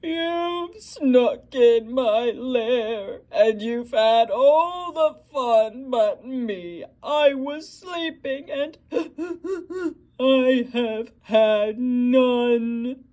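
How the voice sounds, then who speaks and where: A woman playing a big crying storybook bear, loud slow wails, sulky. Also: on the high side, voice pushed up. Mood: sobbing. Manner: loud, drawn-out wailing. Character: big grumpy bear, left out and sulking.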